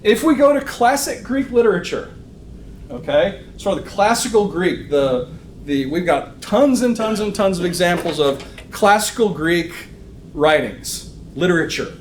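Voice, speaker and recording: A roomy echo and faint room noise surround this man as he teaches a live class a church Bible lesson. His voice sits high, animated and a little slow, and he talks conversationally, using "um" often and checking in with "okay?"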